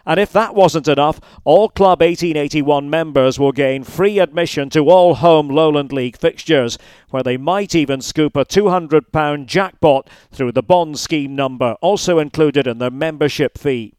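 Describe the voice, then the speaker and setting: A man reading a scripted advertisement as an announcer, with smooth, polished promotional delivery. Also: fairly high pitch, moderate pace, a little mellow, no room sound. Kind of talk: scripted ad read.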